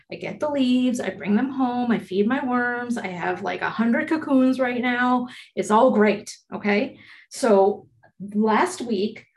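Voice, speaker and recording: A woman co-hosting a podcast, telling a story in casual chat, animated and swearing freely as she acts out quotes. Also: medium pitch. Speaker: podcast co-host.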